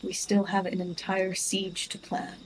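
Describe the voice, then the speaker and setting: A woman voicing a stern male commander in a tabletop game, measured and matter-of-fact. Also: medium pitch, completely flat delivery, slight background noise, lightly acted, rough recording.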